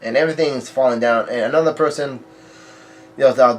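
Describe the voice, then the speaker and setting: At medium pitch and a moderate pace, a man casually reads a comic chapter aloud, adding his own comments. He's a manga reader and commentator who delivers the quoted lines in the same plain, level voice.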